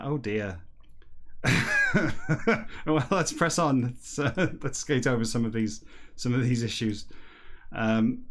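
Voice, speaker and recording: A man hosting a comedy stream, rambling wryly between stretches of reading a book backwards aloud. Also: medium pitch. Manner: chatty, rambling and wry, breaking into silly slow-read dialogue. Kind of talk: livestreamed comedic reading and chat.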